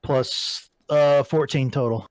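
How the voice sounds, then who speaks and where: A man's voice: mid-range voice, steady tone, slow pace, darkish tone. A man playing in a tabletop game, stating his moves in a matter-of-fact way. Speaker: player. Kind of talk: casual tabletop play.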